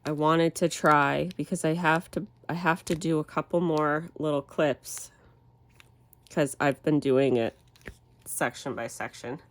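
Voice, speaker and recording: A woman with a deep, slightly slow voice hosts a crafting channel and chats casually as she works. A cold makes her sound nasal, and she rambles in a relaxed way, correcting herself along the way.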